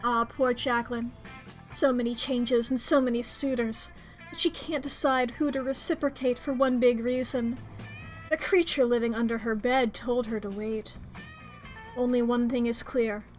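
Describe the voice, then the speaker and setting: A woman streamer reading a dating game's text aloud, excitable and quick to squeal and gasp between lines. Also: fairly high pitch, faint music behind.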